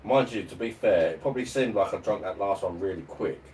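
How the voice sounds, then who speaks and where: Speaking briskly in a low, slightly mellow voice, a London man with a Cockney and South East London accent hosts a casual, rambling beer-review livestream from his home. It is hot and a fan is running, and he chuckles often. There is a little hiss or hum.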